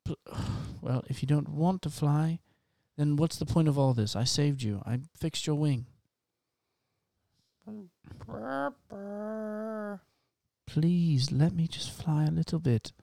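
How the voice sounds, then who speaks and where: A performer improvising a tiny, polite, shy male hero in a comedy scene, talking in a hesitant, halting, apologetic way. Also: medium pitch, vocal fry, mellow, no echo, natural voice. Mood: pleading.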